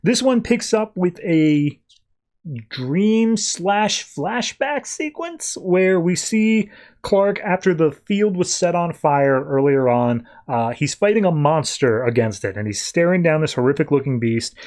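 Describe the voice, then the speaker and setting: A man hosting a podcast, casually recapping a comic book story and slipping into quick voiced quotes of the characters. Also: fairly high pitch, animated, darkish tone. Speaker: podcast host.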